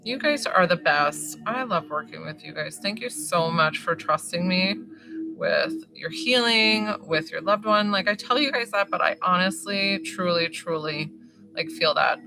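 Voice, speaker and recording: A woman's voice: fairly low pitch, moderate pace. A woman spiritual healer talking through a live-streamed remote healing session, chatty and rambling, full of fillers and reassuring affirmations. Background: faint music.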